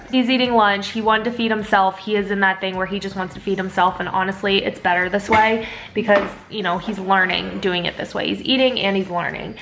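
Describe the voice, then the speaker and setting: A woman's voice: medium pitch, fairly even intonation, a little fast, a bit bright, faint music behind. A tired young woman and mother in a casual vlog, talking at home in a weary, rambling way with lots of "like.". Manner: weary, rambling, heavy use of "like". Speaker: vlogger and mother.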